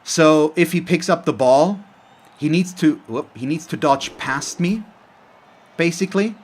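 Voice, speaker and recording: A man's voice: on the high side, unhurried, slightly rough. Salty, sighing gaming commentator man. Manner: frustrated, sighing, openly salty. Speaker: gaming channel host. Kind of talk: let's play commentary.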